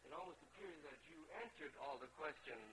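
A man's voice: on the high side, fast talker, background noise. A man chairing a question session at a conference, polite and a little hesitant. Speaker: session moderator.

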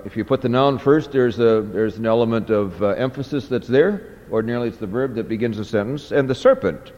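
A man teaching a class, reading a text aloud and explaining it slowly, with many fillers and restarts. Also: lowish voice, darkish tone. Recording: dull audio with long hall reverb.

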